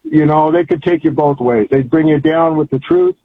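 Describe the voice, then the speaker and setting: An older male caller talks in a rambling, folksy way and gets fervent as he goes. His voice sits fairly high and is a bit husky. It comes over a tinny, dry phone line. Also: normal speed, no echo. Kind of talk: phone-in chat.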